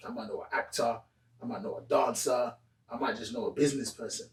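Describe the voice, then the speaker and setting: A man's voice: mid-range voice, a little fast, recorded from a distance. A man co-hosting a casual podcast. He tells stories with lots of energy and acts out the people in them. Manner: animated storyteller, acts out the people in his stories. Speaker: podcast co-host. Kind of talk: casual chat. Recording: roomy sound, away from the mic.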